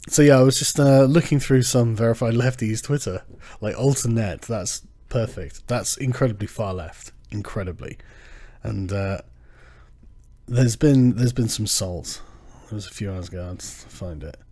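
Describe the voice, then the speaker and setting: Male channel host, mellow low timbre, swears freely, sarcastic and heated in a loose livestream rant. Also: measured pace. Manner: profane, sarcastic, animated.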